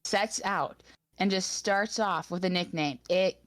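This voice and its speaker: A young woman co-hosting a casual chat, telling a work story with animated quick bursts. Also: on the low side, no echo. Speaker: podcast co-host.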